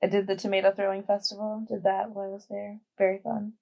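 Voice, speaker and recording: A woman's voice: medium pitch, little pitch movement, fast, gravelly, darkish tone. Chatty young woman full of fillers. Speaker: podcast guest. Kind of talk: casual chat.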